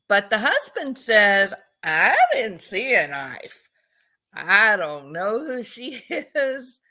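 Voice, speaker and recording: A woman's voice: mid-range voice, sharp tone. A woman giving casual, chatty commentary on a video clip and often asking her viewers questions. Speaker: commentator analyzing body language.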